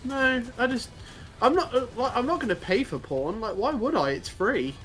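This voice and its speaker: A man with a high voice chats over a co-op game, stumbling through restarts and fillers and breaking into laughter often. He talks loosely and informally. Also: expressive, normal speed, fairly bright tone, faint music behind. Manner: hesitant, laughing, filler-heavy. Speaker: co-host. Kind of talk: casual chat over co-op gameplay.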